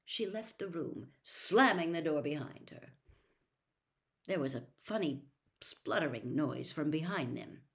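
A woman reading a novel aloud as a storyteller in an expressive, lively way. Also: sits low, unhurried. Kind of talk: audiobook reading.

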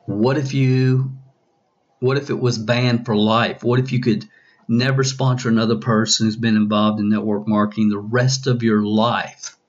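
A man's voice: medium pitch, fairly even intonation, normal speed, dull audio. A male coach hosting a podcast, asking his listeners question after question and often restarting his sentences. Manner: probing, repeats questions, many restarts. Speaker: business coach.

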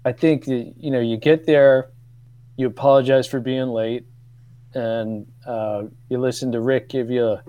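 A man's voice: mid-range voice, fairly even intonation, measured pace, warm tone, dry recording, muffled recording. Brief: man in his 50s, radio guest, chatty and self-mocking, close dry mic. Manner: storytelling, laughs often, hesitant restarts. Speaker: guest, former radio co-producer. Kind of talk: casual radio chat.

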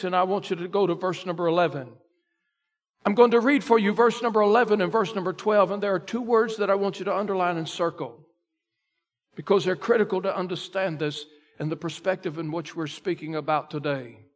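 A man pastor preaching a sermon, reading scripture slowly and building to loud emphatic peaks. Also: sits high, fairly even intonation. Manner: voices a questioning listener in first person.

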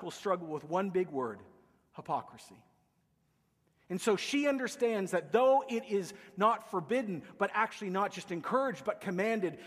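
A man preaching a sermon as pastor, emphatic, with hushed lines between loud declarations. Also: high-pitched, big-room sound.

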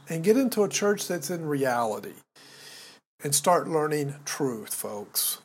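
Emphatic older man, husky voice. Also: a little high, very animated, unhurried. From United States. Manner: emphatic, exhorting, repeats words when heated. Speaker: podcast co-host. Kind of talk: preachy podcast commentary.

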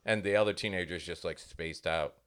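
A man co-hosting a comedy podcast, telling stories in a casual, animated way and acting out other people's voices. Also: low-pitched, a little fast, clean tone. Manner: animated storyteller, acts out voices. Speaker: podcast co-host.

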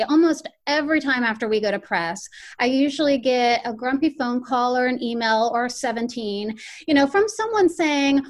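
An earnest woman editor talks through her work in an interview. Her voice sits a little high, and she speaks in a reflective, sincere way. Now and then she stumbles over a word before she carries on. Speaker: newspaper editor. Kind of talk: conversational interview answers.

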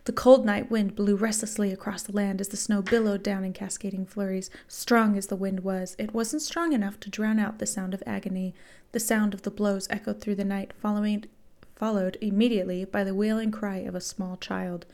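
A woman's voice: medium pitch, fairly even intonation, normal speed, a little mellow. A woman podcast host reading fan fiction aloud and breaking off with wry, sarcastic asides.

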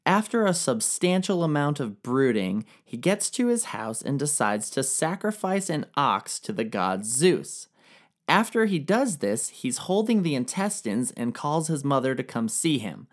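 A man's voice: medium pitch, sing-song, a little slow. A young man retelling ancient history as a comedy, slangy and profane. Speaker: narrator.

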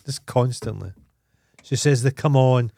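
A man's voice: medium pitch, a little slow, creaky, mellow, no echo. A Scottish man co-hosting a podcast, telling crude, blunt stories in casual chat. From Scotland. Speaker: podcast co-host.

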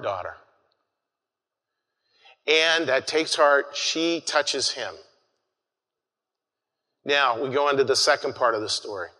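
A man preaching an earnest, conversational sermon, often restarting his phrases and calling his listeners folks. His voice is bright and forceful. It rings out with a long reverb, as in a large hall. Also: mid-range voice. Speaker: pastor.

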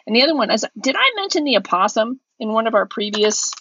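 Podcast co-host, woman, higher voice, a bit dull on the mic, storyteller. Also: fast, a little hiss or hum. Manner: animated storyteller, acts out her own yelling. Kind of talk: casual storytelling chat.

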